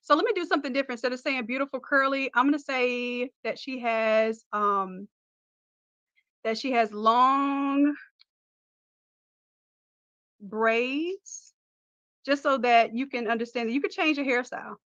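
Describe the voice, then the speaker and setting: A woman's voice: on the high side, measured pace, pauses often, a bit bright, dry recording, dull audio. A woman hosting a casual livestream, chatting and teasing as she walks through a design tutorial. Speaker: host.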